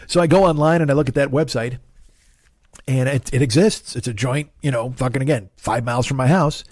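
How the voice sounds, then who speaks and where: A middle-aged man telling a long comic story, rambling and profane and quick to put himself down. His voice sits mid-range with a mellow, dark tone. It is recorded close on a studio mic with a very dry sound. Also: medium pitch, no echo. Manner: rambling, profane, self-deprecating. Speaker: comedian podcast host.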